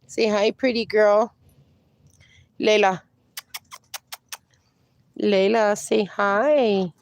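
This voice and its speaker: A woman's voice: medium pitch, steady tone, extremely slow. Chatty woman reading out a livestream chat. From USA. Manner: reads viewer comments aloud, coos at her dogs. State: sniffly from allergies. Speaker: livestream host.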